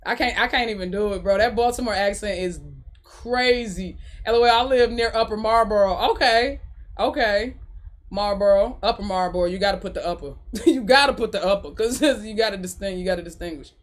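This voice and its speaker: A woman's voice: medium pitch, a little fast. Laughing, chatty woman podcast host. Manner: animated, laughing often, swearing, repeating phrases. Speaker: podcast host reading live chat. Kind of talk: casual live-stream chat.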